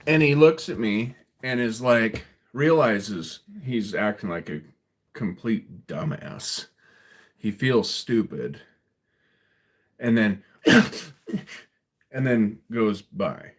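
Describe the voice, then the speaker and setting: Low-ish voiced guy on a home livestream, slow rambly storytelling, keeps saying "right?". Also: expressive. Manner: rambling, tags lines with "right?". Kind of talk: casual storytelling to a live chat. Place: at home, indoors.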